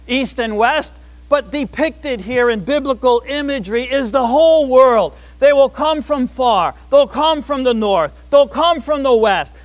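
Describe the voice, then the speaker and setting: A man preaching a sermon, shifting between emphatic declarations and quieter asides. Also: very high voice. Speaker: pastor.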